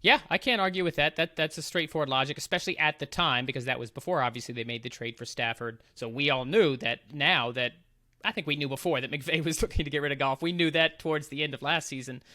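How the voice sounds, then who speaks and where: A man's voice: a little high, fast, bright, forceful tone, dry recording, clean studio sound. A man hosting a casual sports podcast, who argues his picks with enthusiasm and laughs along. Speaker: podcast host.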